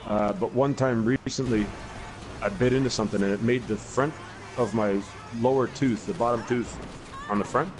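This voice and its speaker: This is casual chat while gaming from a podcast co-host, a man in his forties, whose medium-pitched voice keeps fairly even intonation at a moderate pace. A profane storyteller, he rambles at length and restarts often. Background noise is present.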